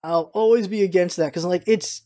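A mid-pitched speaker talks in casual podcast chat, quick and opinionated. They hammer points home by repeating them. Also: mellow.

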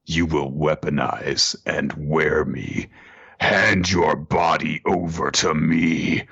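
A man voicing a bloodthirsty male monster eager for battle, with a slow, menacing way of speaking. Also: a bass voice, fairly even intonation, gravelly, pushed and bright, slightly rough, dull audio, pitched below the performer's own voice, full character voice.

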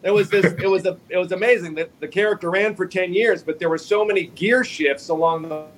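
A man telling casual anecdotes as a guest on a video call, rambling and halting with small chuckles. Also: high-pitched, poor audio. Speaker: guest comic artist.

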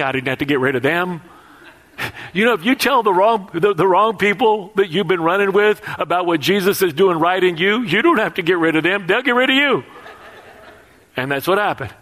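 A middle-aged male preacher tells his story to the congregation with lively energy. He often turns to the audience with questions, and his voice sits a touch high. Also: a little fast. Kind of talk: sermon.

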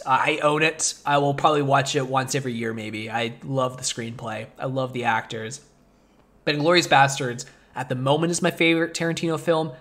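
A man hosting a casual movie podcast, rambling with lots of fillers and getting animated as he talks. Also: mid-range voice. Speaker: podcast host.

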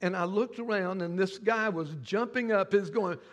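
An older man preaching a sermon as pastor, telling a story in a halting way and often repeating his words. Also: sits high, long reverb tail, muffled recording.

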